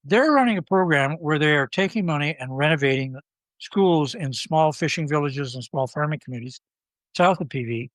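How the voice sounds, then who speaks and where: A man, the guest in an interview, telling lively anecdotes and acting out the people he quotes. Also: on the high side, moderate pace, no echo, poor audio. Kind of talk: storytelling interview.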